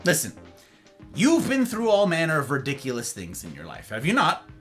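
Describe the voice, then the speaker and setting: A man's voice: fairly high pitch, huge pitch swings, moderate pace, faint music behind. A man hosting a casual live stream from his home office, playfully greeting viewers by name and chatting with them. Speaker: livestream host.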